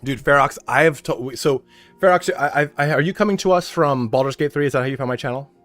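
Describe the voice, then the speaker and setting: A man's voice: mid-range voice, quick pace, a bit bright, soft background music. A man from California with an American accent ranting casually on a livestream, swearing and laughing a lot. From California, USA. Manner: profane, rambling, laughs often. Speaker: streamer.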